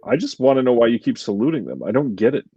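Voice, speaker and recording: A married man co-hosting a casual chat, dropping dry deadpan quips. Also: medium pitch, quick pace, breathy edge, dry recording. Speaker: podcast co-host. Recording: dull lo-fi dry mic.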